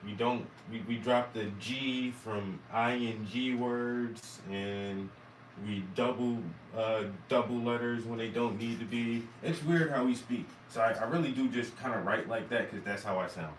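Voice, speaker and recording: A man's voice: mid-range voice, measured pace. Southern man from South Carolina, casual and profane, recorded at a distance in an echoey room with faint noise behind. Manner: rambling, profane, self-amused. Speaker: vlogger and musician. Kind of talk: casual talk to camera.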